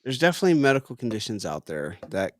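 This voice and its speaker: A man's voice: medium pitch, very animated, fast, no echo, clean studio sound. A middle-aged man co-hosting a casual chat over drinks, rambling and laughing easily. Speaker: podcast co-host.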